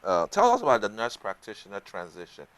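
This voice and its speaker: A man's voice: on the low side, wildly swooping pitch, fairly quick, fairly bright tone, no echo. A man hosting a local TV health talk show, asking long strings of questions. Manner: asks long, stacked questions. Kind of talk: TV interview.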